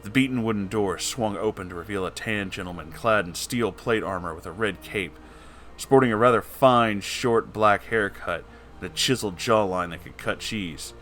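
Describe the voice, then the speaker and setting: A man's voice: lowish voice, moderate pace, fairly bright tone, faint music behind. A man reading a storybook tale aloud in a theatrical narrating manner. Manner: theatrical, switches into voices for characters. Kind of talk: dramatic storybook reading with character voices.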